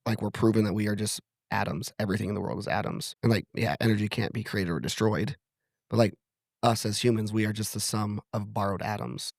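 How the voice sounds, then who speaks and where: A man's voice: lowish voice, brisk, creaky, no room sound, studio quality. A man hosting a podcast, musing in casual chat with an offhand, swearing manner. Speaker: podcast host.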